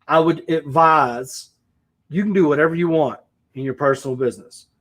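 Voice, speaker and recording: A man's voice: fairly high pitch, moderate pace. A man, a real estate investor, giving a blunt, profane opinion rant to camera with emphatic repetition.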